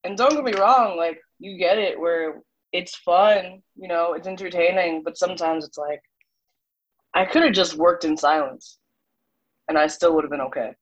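A woman's voice: lowish voice, normal speed. A woman in casual chat, laid-back and wry, heard through a dull lo-fi recording.

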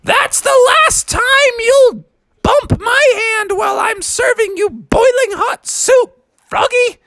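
A man plays a storybook frog mother in a squeaky falsetto, far above his own voice. She sounds worn out by her son. The sound is close and dry. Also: wildly swooping pitch, slow, fairly bright tone, dry recording, exaggerated voice. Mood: scolding. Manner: very high falsetto, shrill. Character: laid-back mother frog, exasperated.

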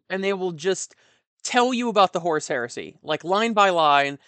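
A young man giving casual advice in a rambling, frank monologue with animated asides. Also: high voice, a little fast, smooth, dry recording. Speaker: tabletop gaming commentator.

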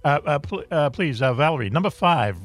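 A man's voice: on the high side, expressive, a little fast, faint music behind. A man hosting a casual radio chat, joking and laughing as he leads a countdown list. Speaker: host.

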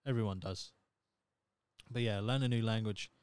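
Here a Norfolk-accented host in his thirties delivers a casual solo podcast monologue, wandering off track, cursing, and joking at his own expense. His fairly low, darkish voice holds a fairly even intonation at a moderate pace. The tone is clean, with no echo.

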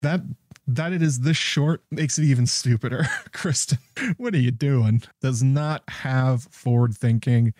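A man's voice: mid-range voice, a little slow, a little mellow, dry recording, clean studio sound. A man giving casual, rambling commentary on a TV episode, often chuckling in disbelief. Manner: incredulous, chuckling, rambling with restarts. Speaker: show recap host.

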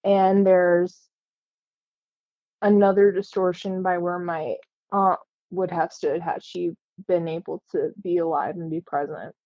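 A woman earnestly telling a personal story in a casual, halting way, with frequent fillers. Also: lowish voice, little pitch movement, warm tone, no echo, muffled recording.

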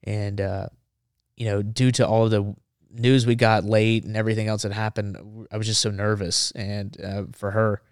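Man, low-ish smooth voice, animated storyteller, dry close mic. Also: normal speed, no echo. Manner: animated storyteller, acts out dialogue. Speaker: podcast guest. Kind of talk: war storytelling.

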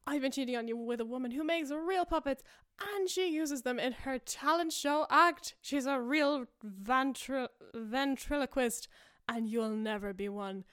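A woman's voice: very high voice, flat delivery, a little fast, pitched above the performer's own voice. A woman ranting as a furious cheating husband. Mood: gloating. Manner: ranting, shouting, tearful laughter.

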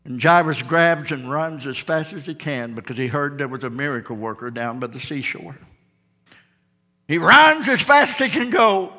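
Male pastor, dramatic sermon delivery; high, brassy tone, church reverb. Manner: dramatic storytelling, swinging from shouts to hushed tones. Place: church sanctuary.

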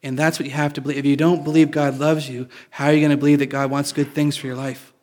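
A man's voice: on the high side, flat delivery, quick pace, darkish tone. A male pastor giving a conversational sermon, often restarting his sentences and making light jokes. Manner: conversational, self-correcting, joking.

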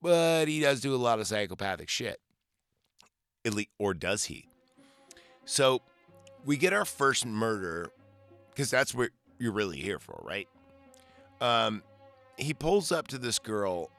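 A man's voice: medium pitch, sing-song, measured pace, long pauses, a bit bright, faint music behind. A man hosting a podcast, casually recapping a film in a rambling, profane way with lots of fillers and restarts. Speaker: podcast host.

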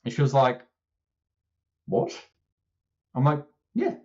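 A man co-hosting a casual podcast, telling an animated story and acting out both sides of the conversation, swearing now and then. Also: medium pitch, slow pace, dull audio. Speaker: strength coach co-host.

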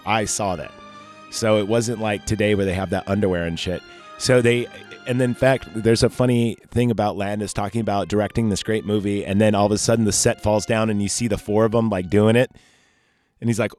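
Male podcast host, low voice, casual and profane, rambles and self-interrupts; faint music underneath. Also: a little mellow. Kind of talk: casual rambling movie talk.

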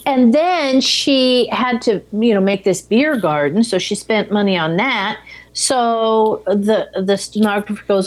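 A woman's voice: medium pitch, measured pace, poor audio. A woman co-hosting a casual chat, recapping a film plot from her notes. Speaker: podcast co-host.

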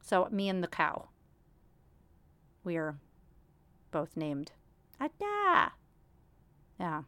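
A woman in her thirties chats through her own podcast in a candid, self-deprecating way. Her voice sits a little low. The sound is close and dry, with no room around it. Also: steady tone, takes it slowly, pauses often, clear, resonant tone, no room sound. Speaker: podcast host. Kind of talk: casual solo podcast chat.

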